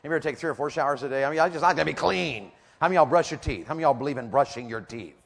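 A man's voice: a little high, rapid-fire, vocal fry, in a large hall. A middle-aged man preaching a sermon in a church auditorium, drawing the congregation in with rhetorical questions and call-and-response.

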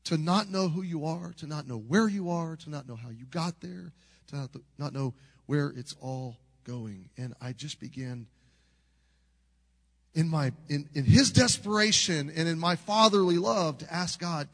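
The large hall's long reverb surrounds a middle-aged pastor delivering a sermon, telling a story earnestly and conversationally with frequent restarts. He speaks at a fairly high pitch and measured pace.

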